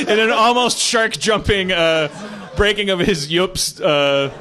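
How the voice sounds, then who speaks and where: A man's voice: high-pitched, lively intonation, takes it slowly, background noise. A man hosting a podcast on a live stage, cutting in with joking remarks. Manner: joking interjections, riffing. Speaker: podcast host. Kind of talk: casual chat.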